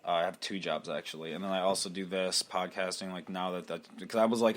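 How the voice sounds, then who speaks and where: A man's voice: low-pitched, steady tone, normal speed, a bit bright. A young man hosting a solo podcast, rambling crudely with lots of swearing and laughter, slipping into mocking impressions. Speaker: podcast host.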